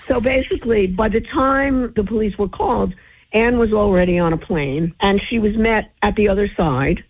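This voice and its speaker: A woman tells a story in an interview, full of energy, and her voice leaps up whenever she acts out a quote. Her voice is husky and a little breathy. It comes through a thin, tinny phone line. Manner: lively storyteller who acts out quotes with big pitch jumps. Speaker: entertainment reporter telling a story. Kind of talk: animated anecdote in an interview.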